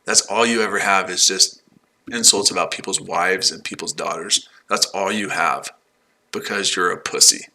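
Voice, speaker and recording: A man's voice: deep voice, steady tone, normal speed, pushed and bright. A man in his forties talking casually on a livestream, combative and taunting, repeating himself. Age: 40s. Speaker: livestream host.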